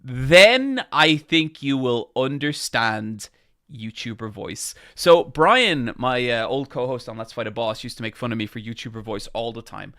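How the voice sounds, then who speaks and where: A man's voice: mid-range voice, lively intonation, a little slow, fairly bright tone, no echo, clean studio sound. A man with an Irish accent chatting on a live stream into a microphone. He projects his voice and rambles with many fillers. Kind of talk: casual chat on a live stream.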